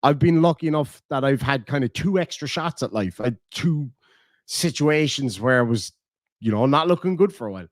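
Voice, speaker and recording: A man's voice: mid-range voice, lively intonation, brisk, no room sound, studio quality. A man with a southern Irish accent chatting casually on a livestream, blunt and profane. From Ireland. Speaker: streamer.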